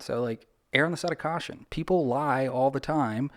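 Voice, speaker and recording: A man, a personal injury attorney talking through advice as a guest in a casual podcast interview, animated and chatty with lots of filler words. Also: mid-range voice, normal speed, few pauses. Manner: animated, talks things through with lots of "like" and acted-out quotes.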